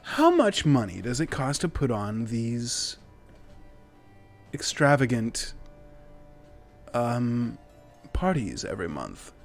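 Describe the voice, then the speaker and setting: A man's voice: mid-range voice, huge pitch swings, takes it slowly, gravelly, long pauses, faint music behind, exaggerated voice. A man voicing a nosy male adventurer who asks questions in a drawling, hesitant way. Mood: probing.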